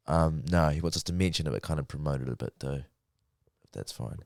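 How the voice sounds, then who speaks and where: A man's voice: rumbling low, a little fast, creaky, darkish tone, no echo, clean studio sound. A young man in his twenties with a New Zealand accent, co-hosting a casual podcast with jokey, rambling banter. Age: 20s. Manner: jokey, mock-ad rambling, drops to a mumble. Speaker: podcast co-host.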